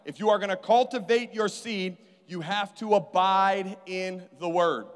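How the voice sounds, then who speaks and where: A man's voice: high voice, measured pace, smooth. A man preaching a sermon as pastor, calling out to his congregation for responses. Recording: hall reverb.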